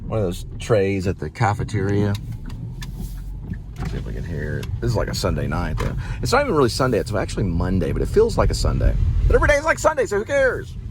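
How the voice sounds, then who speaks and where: A man's voice: lowish voice, wildly swooping pitch, fast. A man rambling through a jokey, tangent-filled casual monologue while out delivering food in his car. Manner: tangent-prone, jokey, slips into quoted voices. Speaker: vlogger and actor. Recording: car interior with road noise.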